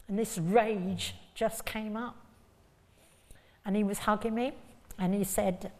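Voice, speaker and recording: A woman's voice: medium pitch, fairly even intonation, slow pace. A woman earnestly recounting a painful personal memory as an interview guest. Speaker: bereaved mother, interview guest. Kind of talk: personal testimony. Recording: long hall reverb.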